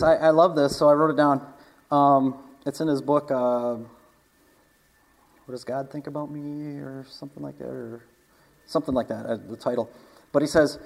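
A man's voice: on the high side, gravelly, in a large hall. A man preaching an informal sermon, telling a personal story in a chatty way with frequent laughter and restarts. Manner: chatty, laughs often, repeats words.

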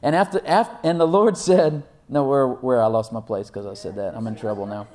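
A man preaching a sermon, reading scripture slowly and asking his listeners questions, with loud emphatic peaks and frequent laughs. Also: medium pitch, fairly even intonation. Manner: reads King James verses slowly and deliberately; asks the congregation questions and laughs often.

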